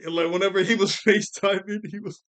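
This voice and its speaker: A man talks casually about an anime movie. He rambles along in slangy speech and laughs often between his thoughts. His voice sits a little high for a man. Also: steady tone, fast talker, a bit bright. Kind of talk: casual chat.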